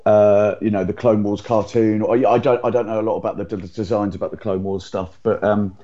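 Low-voiced male co-host, dull sound. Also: little pitch movement, fairly quick, mellow. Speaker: podcast co-host. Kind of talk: casual chat. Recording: dull lo-fi audio.

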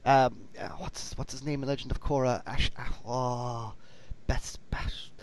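A man hosting a casual podcast chat, excitable and talkative. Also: medium pitch. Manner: lively, excitable, quick to laugh. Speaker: podcast host.

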